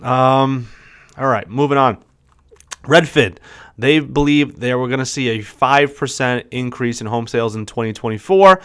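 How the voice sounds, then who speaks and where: A man's voice: mid-range voice, moderate pace, a bit bright, clean tone. A man co-hosting a casual podcast, upbeat as he reads out market forecasts and quizzes his partner. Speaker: podcast co-host, realtor.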